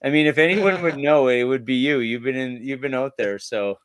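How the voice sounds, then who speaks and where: A man's voice: mid-range voice, brisk, fairly bright tone, smooth, no echo. A man hosting a casual podcast interview, asking jokey, playful questions. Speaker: podcast host.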